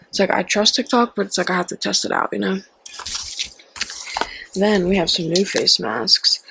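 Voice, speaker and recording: A young woman chatting excitedly through a shopping haul at home, full of "like" and quick asides. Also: fairly low pitch, creaky, husky, low-quality recording. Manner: chatty, excitable, with frequent "like" and "so we got her". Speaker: haul vlogger. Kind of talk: casual product haul chat.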